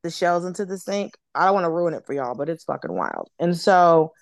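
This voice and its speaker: Animated woman telling comic stories. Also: lowish voice, a little fast, creaky, dry recording. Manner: animated storyteller, acts out quoted voices, swears freely. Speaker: comedian guest. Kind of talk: casual podcast storytelling.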